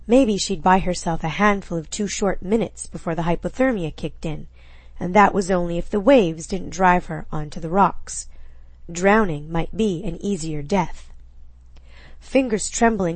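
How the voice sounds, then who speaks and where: A woman reading a novel aloud in scripted narration, with a steady, suspenseful delivery. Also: on the low side, no room sound. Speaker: audiobook narrator.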